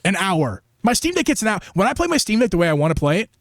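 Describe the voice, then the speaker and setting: High-pitched man in lively chat. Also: fast talker, no echo, clean studio sound. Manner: emphatic, agreeing. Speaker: podcast co-host. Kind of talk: casual chat.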